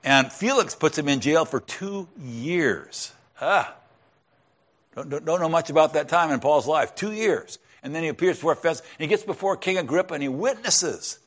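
A man preaching a sermon in a conversational storytelling way, often dropping to a hushed tone to drive a point home. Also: fairly high pitch, expressive, normal speed. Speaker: pastor.

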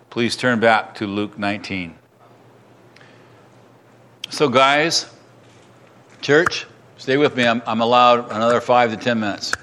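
A man's voice: medium pitch, slow, long pauses, sharp tone, slight background noise. A middle-aged man preaching a sermon as pastor in a church, acting out crowd cries and restarting his sentences.

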